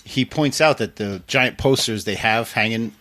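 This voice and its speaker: A man's voice: mid-range voice, moderate pace, fairly bright tone, no room sound. A man hosting a podcast, joking and laughing in casual banter. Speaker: podcast host. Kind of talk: casual chat.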